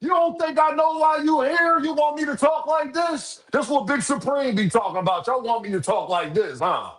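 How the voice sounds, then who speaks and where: A man's voice: very high-pitched, normal speed, a bit bright, pitched above the performer's own voice. A man putting on a mocking voice of an over-hyped male streamer who begs viewers for tips. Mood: mocking hype. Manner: mocking, exaggerated hype.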